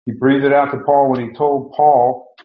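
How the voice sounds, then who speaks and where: A man's voice: mid-range voice, flat delivery, moderate pace. A man preaching a sermon emphatically, repeating words and restarting as he drives his point home. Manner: emphatic, repetitive, with many restarts and fillers. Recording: dull, roomy sound.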